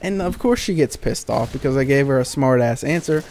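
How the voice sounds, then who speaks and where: A man's voice: mid-range voice, animated, brisk, a little mellow. A young man with a middling voice rants sarcastically about customers, swearing freely and sounding fed up. A faint hiss sits under his recording. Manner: sarcastic, profane, exasperated. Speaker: gaming channel commentator. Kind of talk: ranting storytime over gameplay.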